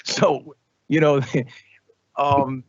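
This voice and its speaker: A man, a radio host, talking as a guest in a casual interview, animated, with frequent restarts and repetitions. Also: medium pitch, extremely slow, dry recording, highs cut off.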